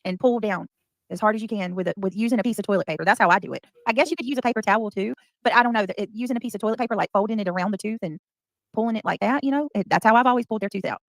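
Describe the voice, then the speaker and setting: A woman's voice: mid-range voice, racing, dry recording. A woman hosting a livestream, reading comments and chatting in a bubbly, giggly way. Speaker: livestream host. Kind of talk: casual livestream chat.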